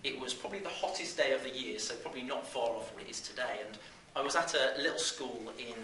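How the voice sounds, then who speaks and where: A man in his thirties from the West Midlands of England, telling a story to a live audience in an animated way, with plenty of fillers and restarts. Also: medium pitch, fast talker. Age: 30s. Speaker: business speaker. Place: seminar room. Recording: roomy live room, distant mic, faint noise.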